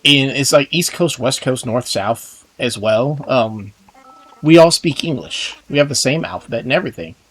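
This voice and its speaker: A man's voice: medium pitch, expressive, moderate pace, fairly bright tone, breathy edge. A young man from Texas with a Texan accent, casually commenting on a game in a rambling, chatty way full of filler words. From Texas, USA. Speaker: gaming channel host.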